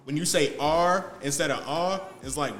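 A man from New York in casual group chat, expressive and swinging from high exclamations to low asides. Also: normal speed, long reverb tail.

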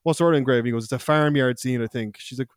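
A man's voice: medium pitch, very fast, clear, resonant tone, no echo, studio quality. A young Irish man, a podcast co-host, telling a loose, profane anecdote in casual chat, laughing and acting out quotes. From Ireland.

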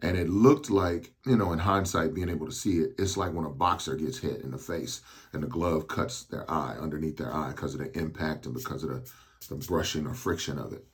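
A man in his thirties, hosting a podcast, tells a personal story slowly and haltingly because he is on medication, with frequent restarts. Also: extremely low pitch, slightly rough. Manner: slow, halting delivery with restarts. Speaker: podcast host.

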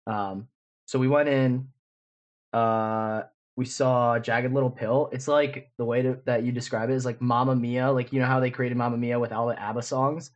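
A man's voice: mid-range voice, flat delivery, moderate pace, lo-fi sound. A man in his twenties, co-hosting a podcast, rambling through a casual story full of fillers. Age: 20s. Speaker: podcast co-host. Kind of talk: casual chat.

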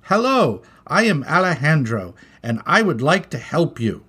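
A man's voice: fairly high pitch, sing-song, unhurried, bright, forceful tone, husky, exaggerated voice. A man voicing Alejandro, a polite young boy dinosaur, in a storybook reading, speaking in an earnest, courteous way.

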